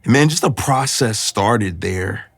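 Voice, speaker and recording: A man telling his personal faith testimony in a reflective, halting, emotional way. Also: on the low side, lively intonation, vocal fry, husky, no room sound. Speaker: guest sharing his testimony.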